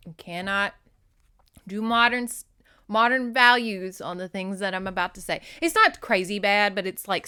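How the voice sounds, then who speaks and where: A woman's voice: mid-range voice, bright, forceful tone. A woman from Louisiana, recapping a novel in a chatty, sarcastic podcast style with plenty of swearing. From Shreveport, Louisiana, US. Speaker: podcast host. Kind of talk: casual comedic book recap.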